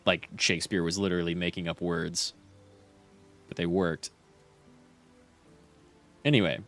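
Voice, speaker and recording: A man's voice: low voice, little pitch movement, measured pace, a bit bright, soft background music. A young man streaming a game and chatting casually, rambling with lots of fillers and restarts.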